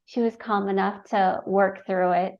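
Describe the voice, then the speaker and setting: A woman's voice: medium pitch, steady tone, a little slow, darkish tone. A woman hosts a podcast interview, chiming in with short affirmations and easy laughter. Her voice sits in a middle range and comes through a dull, lo-fi recording. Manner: affirming, encouraging, laughs often. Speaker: podcast host. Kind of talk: casual interview talk. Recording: dull lo-fi sound.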